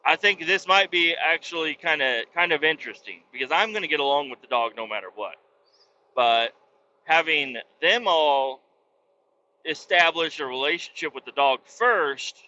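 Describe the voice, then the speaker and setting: A man's voice: fairly high pitch, lively intonation, moderate pace, bright, forceful tone, highs cut off, slight background noise. A man telling stories in a casual, profane, rambling monologue as the host, talking from his truck. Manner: profane, blunt storytelling. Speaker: podcast host.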